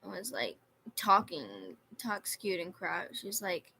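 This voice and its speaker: Young woman, livestream storytelling, sarcastic, reads chat aloud, bright tone. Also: mid-range voice, slow pace, creaky, a little hiss or hum, poor audio.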